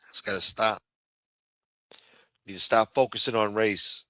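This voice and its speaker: A man's voice: fairly low pitch, steady tone, a little slow, a bit bright, dry recording. A man hosting a livestream, delivering a heated, profane rant with lots of repetition. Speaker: livestream host. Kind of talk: profane political rant on a stream.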